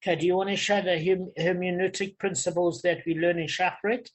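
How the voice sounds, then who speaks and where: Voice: mid-range voice, flat delivery, fairly quick, poor audio. Give me a study leader explaining a text casually, with plenty of fillers. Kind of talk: casual teaching.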